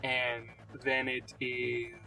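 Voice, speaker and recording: A man's voice: mid-range voice, monotone, vocal fry, bright, forceful tone, distant mic. A man running a tabletop game as game master, laughing often and restarting sentences. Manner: laughing often, restarts mid-sentence, puts on quick character voices.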